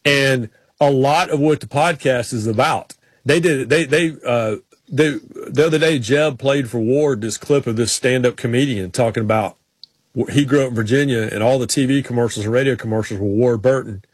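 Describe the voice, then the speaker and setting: Husky man rambling through stories. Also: medium pitch, normal speed, no echo. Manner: rambling storyteller, frequent restarts. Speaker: podcast host. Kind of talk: casual chat.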